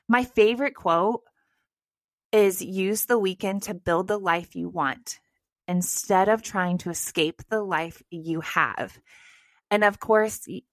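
Woman co-host in her thirties, mid-pitched voice, encouraging and direct, dry close sound. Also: dry recording. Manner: encouraging, direct, addresses listeners as "girl" and "you guys". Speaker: podcast co-host. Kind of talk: casual motivational chat.

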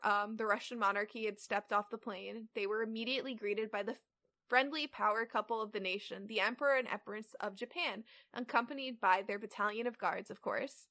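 Bright-voiced young woman reading aloud. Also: on the high side. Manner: hesitant, stumbling over words while reading. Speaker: podcast co-host. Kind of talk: casual chat and reading fan fiction aloud.

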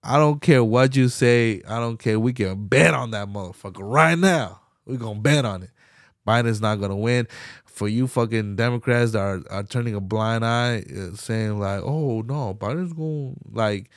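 A man hosting a podcast, delivering a profane, slang-heavy political rant that swings between loud outbursts and low mutters. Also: moderate pace, no room sound, studio quality. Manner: profane, heated, slangy ranting. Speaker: podcast host.

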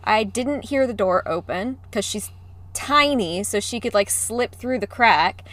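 Giggly bright-voiced woman podcast host. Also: mid-range voice, animated, a little slow. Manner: giggly, apologetic, bubbly. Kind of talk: casual chat. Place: home, remote recording over video call. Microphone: close podcast mic.

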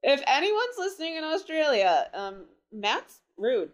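Young woman cohosting a chatty podcast, voice bounces up and down a lot, sits a bit high, giggly and teasing. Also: very animated, a little slow. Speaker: podcast co-host. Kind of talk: casual chat.

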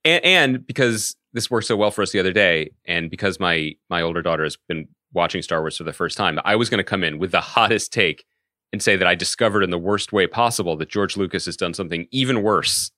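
A man co-hosts a podcast, chatting casually and riffing with jokes in animated fashion. His voice sits low and brisk, captured with clean studio sound and no room echo.

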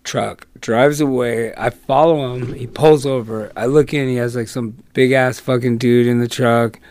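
A man's voice: mid-range voice, normal speed, no echo. A man telling wild stories in a casual chat, swearing and laughing often. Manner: profane, laughing often, animated. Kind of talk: casual storytelling.

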